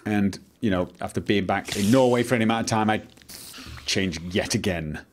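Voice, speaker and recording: A man hosting a Let's Play rambles theatrically with exclaiming inflections while commentating his video game. He's from Manchester, England, with a Mancunian English accent, and his lowish voice runs at a moderate pace over a little hiss or hum.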